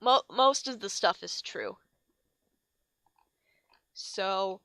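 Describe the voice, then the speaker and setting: A woman's voice: mid-range voice, slow, gravelly, long pauses, fairly bright tone, clear, resonant tone, no echo, clean studio sound. A woman giving a comic reading of fan fiction, with sarcastic, mock-exasperated asides and tripped words. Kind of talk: comedic dramatic reading with asides.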